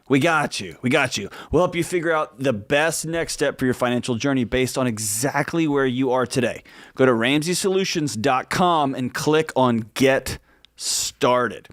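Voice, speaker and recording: A man talks straight and fast, answering a listener's question on a radio show. He drops into a soft, pleading hush when he plays out what the caller should say. The sound is dry and close. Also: medium pitch, no echo. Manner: direct, animated, acts out heartfelt pleas in a hushed voice. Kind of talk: radio advice show talk.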